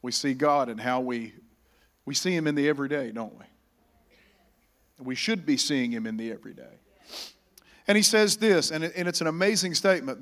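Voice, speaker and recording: A man preaching a sermon in a church, getting louder on scripture and calling the congregation to repeat after him. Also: on the high side, expressive, normal speed, long pauses. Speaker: pastor.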